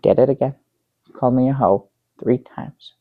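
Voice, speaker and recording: An actor playing a bumbling middle-aged guest who rambles through a tall tale with many restarts, in improvised sketch comedy. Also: male voice, mid-range voice, normal speed, vocal fry, no room sound, narrow, tinny audio. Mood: dry, halting. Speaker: guest on a comedy talk show.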